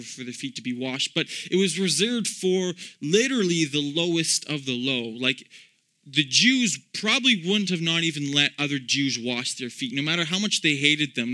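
A man's voice: a little high, pushed and bright. A man preaching an informal sermon in an earnest, conversational way, with frequent ums and restarts.

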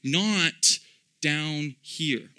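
Preacher guy acting out a pleading disciple, raised pitch, super bright and edgy tone. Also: very animated, unhurried, full character voice. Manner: pleading, incredulous. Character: impassioned adult male disciple protesting.

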